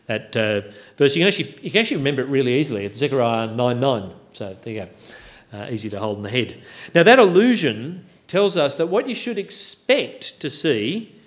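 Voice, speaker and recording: A man preaching a sermon, walking through a Bible passage with wry, self-deprecating humour. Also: medium pitch.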